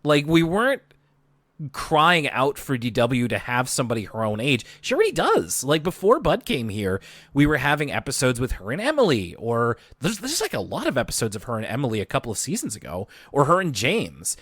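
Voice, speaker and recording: A man's voice: medium pitch, wildly swooping pitch, a little fast, fairly bright tone, dry recording. Rambling man co-host, dry close sound. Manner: agreeable, rambling, with frequent restarts and stammers. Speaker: podcast co-host. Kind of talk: casual chat.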